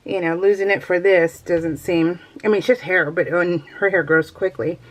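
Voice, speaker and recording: A woman's voice: lowish voice, steady tone, moderate pace. A middle-aged woman chatting casually to viewers while she crafts, rambling and laughing often. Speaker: crafting vlogger.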